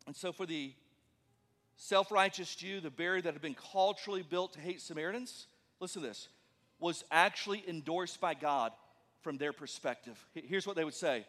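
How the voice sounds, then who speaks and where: A man preaching a sermon as a pastor, animated, acting out the voices of the people he quotes. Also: high voice, moderate pace, big-room sound.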